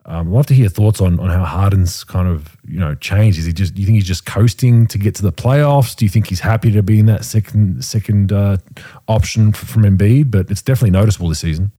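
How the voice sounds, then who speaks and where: A man co-hosting a casual sports podcast, relaxed and rambling. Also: lowish voice, a little fast, breathy edge, no room sound, studio quality. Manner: relaxed, rambling, apologetic asides. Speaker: podcast co-host.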